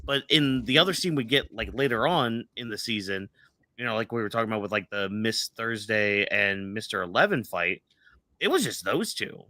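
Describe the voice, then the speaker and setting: A man's voice: fairly low pitch, expressive, normal speed, bright, forceful tone, dry recording, studio quality. A man co-hosting a casual fan podcast, rambling with lots of fillers and restarts. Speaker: podcast co-host.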